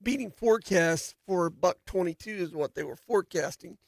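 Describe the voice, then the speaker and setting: A man's voice: sits high, fairly quick, gravelly, dry recording. A man hosting a daily farm radio show, talking casually in a folksy, rambling way with many fillers and restarts. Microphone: studio microphone.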